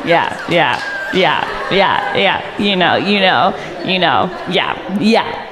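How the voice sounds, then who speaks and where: A young woman performing a stand-up comedy set, delivering deadpan one-liners and jumping high in pitch when she acts out other people. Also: measured pace, big-room sound, background noise. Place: comedy club stage.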